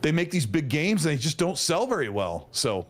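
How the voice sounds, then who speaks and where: A man co-hosting a gaming podcast, talking in a relaxed, easygoing, conversational way. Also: fairly high pitch, normal speed. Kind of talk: casual podcast chat.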